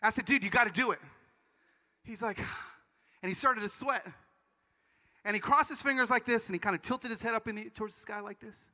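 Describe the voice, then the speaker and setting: In a hall with noticeable reverb, a conference preacher with a bright, high male voice gives an energetic sermon talk. He's an animated storyteller who tosses in quick asides.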